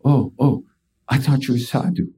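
A man's voice: medium pitch, moderate pace, mellow, voice pushed up, lightly acted. A man voicing an old guru who keeps repeating puzzled questions. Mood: baffled.

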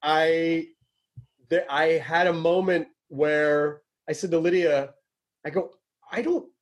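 A man's voice: a little high, slow pace. A man from Tennessee, hosting a casual interview and swearing freely. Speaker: podcast host.

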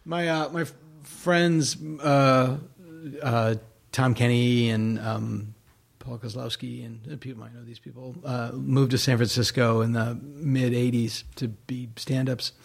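Gravelly, husky man telling anecdotes. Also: mid-range voice, fairly even intonation. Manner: rambling anecdote teller, halting restarts. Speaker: comedian guest. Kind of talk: casual podcast chat.

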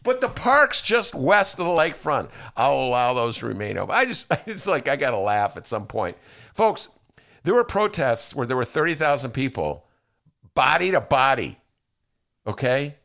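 A man hosts a casual podcast chat. He is sarcastic and animated, and his pitch swings widely as he mocks people. His voice sits at an ordinary middle pitch. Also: normal speed, creaky. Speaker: podcast host.

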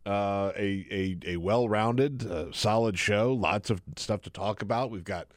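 A man's voice: fairly low pitch, a little slow, dry recording. A man hosting a talk radio show, speaking casually and sarcastically from a radio studio, riffing and laughing about the news.

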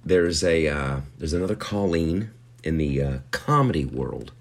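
A man's voice: very deep voice, expressive, measured pace. A man hosting his podcast in a rambling, self-mocking comic monologue full of fillers and restarts. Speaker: podcast host. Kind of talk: casual comedic monologue.

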